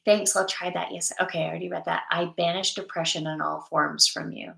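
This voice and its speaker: In an echoey room, a middle-aged livestream host chats casually and reads out viewer comments. Her fairly low voice is creaky and sharp, very animated yet unhurried.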